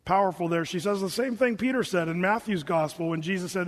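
Man, preacher, high voice, conversational sermon, joking asides, long hall echo. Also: quick pace, hardly any pauses. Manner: conversational, joking asides between scripture readings.

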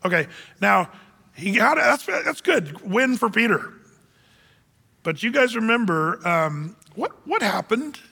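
An animated man preaching to a gathering, his high voice bright and forceful as he acts out the people in his story. The sound rings with the long reverb of a large hall. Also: unhurried, creaky, slightly rough. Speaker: men's group speaker. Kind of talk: sermon.

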